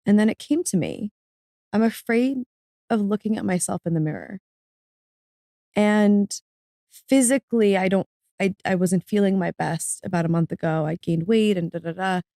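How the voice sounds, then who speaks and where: A woman author, appearing as a podcast guest, shares an emotional personal story in a warm, gravelly voice at normal speed, pausing often. She's earnest and reflective, her voice climbing high when she's moved to tears, and the studio recording is dry.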